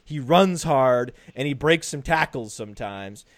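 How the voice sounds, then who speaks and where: A man hosting a podcast in casual analytical chat, brisk and stats-heavy with jokes thrown in. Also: mid-range voice, animated, no room sound. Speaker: podcast host.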